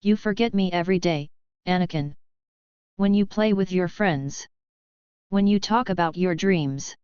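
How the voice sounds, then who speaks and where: A bitter cyborg boy, flat and cold in every word, read by a woman. The voice sits low and very smooth, and the recording is dull and dry. It is a storybook reading. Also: measured pace, dry recording, natural voice.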